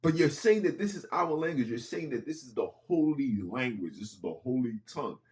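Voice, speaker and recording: A man delivers a fervent podcast monologue at a mid-range pitch. He hammers his points by repeating phrases and restarting sentences. His phrasing stays casual, like talk on the street. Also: animated, a little fast, a little mellow. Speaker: podcast host.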